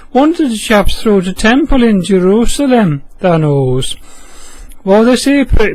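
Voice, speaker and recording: A man's voice: sits high, darkish tone, no room sound, poor audio. A man with a broad Yorkshire accent telling a Bible story in dialect, folksy and chatty with asides to the listener.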